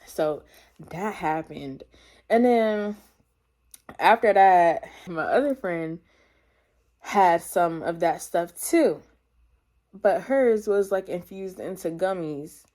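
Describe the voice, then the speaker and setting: A woman's voice: fairly low pitch, animated, slow pace, long pauses, darkish tone. A young woman in her teens telling a personal storytime testimony in casual slang, rambling with many fillers and talking to her viewers. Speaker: vlogger.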